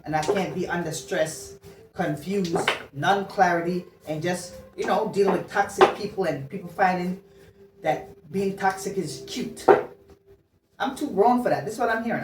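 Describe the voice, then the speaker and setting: A woman's voice: fairly low pitch, moderate pace. A woman giving a casual love reading as a tarot reader, chatty and blunt, slangy, swearing and laughing as she talks. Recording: roomy sound, distant mic, faint noise.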